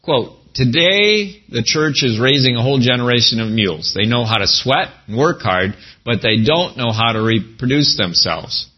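Pastor guy preaching, voice jumps all over, kinda muffled recording. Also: husky. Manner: animated preaching, swinging pitch, folksy asides. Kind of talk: sermon.

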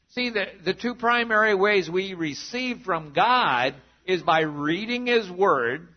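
A man preaching a sermon as a pastor, animated and sometimes dropping to a hushed voice for emphasis. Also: sits high, dull audio.

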